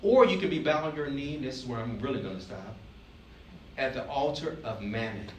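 Animated and brisk, this medium-pitched man is an Alabama pastor giving a sermon, emphatic and playful while questioning his congregation. There's slight background noise, and the distant mic leaves the sound roomy with faint ambience.

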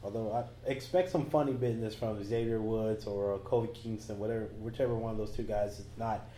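A man's voice: lowish voice, fairly even intonation, brisk, mellow, slight background noise. A man co-hosting a casual chat, easygoing and tossing in joking asides. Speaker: podcast co-host. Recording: roomy echo with faint ambience.

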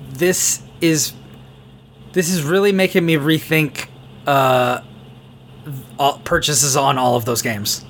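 A man's voice: a little high, fairly even intonation, slow, pauses often, a bit bright. A man co-hosting a casual gaming podcast, talking eagerly at length with many fillers. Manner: enthusiastic, rambling, heavy on fillers. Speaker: podcast co-host.

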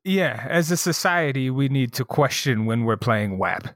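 A man's voice: medium pitch, expressive, moderate pace, a bit bright, no room sound, studio quality. A young man co-hosting a casual podcast, riffing on jokes and swearing freely. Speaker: podcast co-host.

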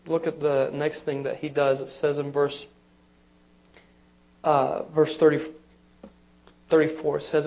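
High-voiced preacher man, lo-fi sound. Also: little pitch movement, a little slow, creaky, long pauses, a little mellow. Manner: conversational preaching, repeats words, asks "amen?". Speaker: pastor. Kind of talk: sermon. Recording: dull lo-fi sermon recording.

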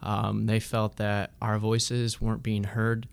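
A man's voice: fairly low pitch, completely flat delivery, slow, gravelly, clear, resonant tone. A young man, a student activist, answering interview questions hesitantly with many ums. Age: young adult.

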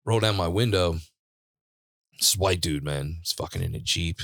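Lowish dude on a podcast, swears a lot, laughs thru his stories, dead dry mic. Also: normal speed, creaky, fairly bright tone, no echo. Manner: laid-back, profane, laughs often while telling stories. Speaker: podcast host. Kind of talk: casual storytelling chat. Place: studio.

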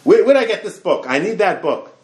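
A man's voice: high voice, sing-song, a little fast, darkish tone, echoey room, voice pushed up. A man doing a panicked sick patient. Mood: pleading. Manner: frantic, pleading questions.

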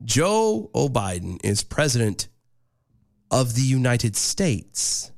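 A man co-hosting a casual comedic chat show, animated and jumping high in pitch for emphasis. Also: slow pace, vocal fry. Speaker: podcast co-host.

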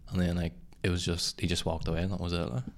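A man's voice: deep voice, little pitch movement, rapid-fire. A young man telling a story in casual chat, blunt and sweary.

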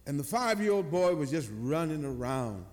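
Older pastor, high lively voice, slow storytelling sermon, long church echo. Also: male voice. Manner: animated storyteller, slow and drawn-out.

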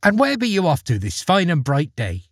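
A wheedling old storybook trickster who coaxes with quaint country phrasing, as a man acts him out. The voice is husky and swings widely in pitch, recorded close and dry. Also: wildly swooping pitch, normal speed, no echo, heavily acted. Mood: coaxing. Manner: coaxing, old-fashioned country talk. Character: sly, wheedling old man peddling beans.

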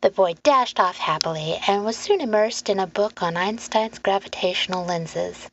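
Woman narrating a storybook, gravelly tone. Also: medium pitch, normal speed. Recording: muffled lo-fi recording, faint hum.

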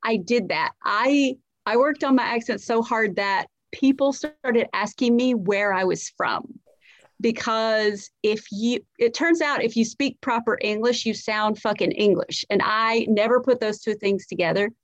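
A woman's voice: fairly high pitch, unhurried, no room sound, muffled recording. A woman from South Carolina with a light Southern accent tells stories as a comedian guest on a podcast. She talks casually, swears freely and uses lots of "like" and restarts.

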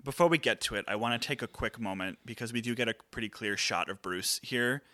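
A man's voice: medium pitch, fast, sharp tone, no echo. A man talking casually as a podcast guest about a film. He jokes, exaggerates and reacts expressively.

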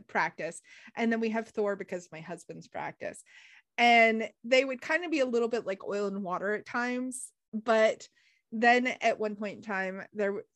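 A woman, a podcast guest telling a story in a lively, laughing way. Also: mid-range voice, dry recording, clean studio sound. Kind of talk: casual interview storytelling.

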